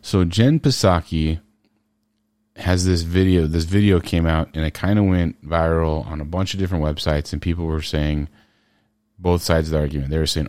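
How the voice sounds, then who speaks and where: A podcast host in casual commentary, ranting sarcastically and firing off rhetorical questions. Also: male voice, low-pitched, moderate pace, darkish tone, no echo.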